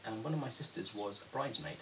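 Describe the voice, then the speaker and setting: A man's voice: on the low side, quick pace, a bit bright, far from the mic, slight background noise. A man in his thirties from London with a British accent, answering viewer questions in a chatty, self-deprecating vlog with frequent ums. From London, England. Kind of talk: casual Q&A vlog.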